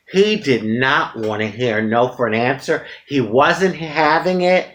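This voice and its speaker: Woman, from the US, casual vlog storytelling, frank and dramatic, swinging pitch. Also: measured pace, few pauses. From United States. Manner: frank, animated, dramatic retelling with frequent laughter. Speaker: vlogger.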